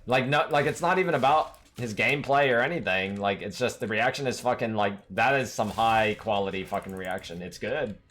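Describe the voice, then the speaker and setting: A man's voice: lowish voice, brisk, hardly any pauses, a bit bright. A man streaming a game, talking casually to his chat in a rambling, profanity-laden rant that keeps circling back to one point.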